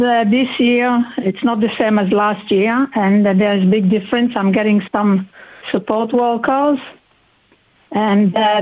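A woman speaking as a guest in a phone-in radio interview, halting and heartfelt, with many pauses. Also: mid-range voice. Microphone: telephone. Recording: tinny phone line.

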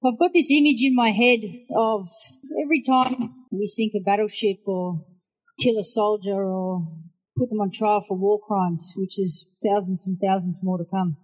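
A woman's voice: mid-range voice, darkish tone, poor audio. A woman emceeing a rally, speaking in an impassioned, rousing way. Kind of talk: rally speech.

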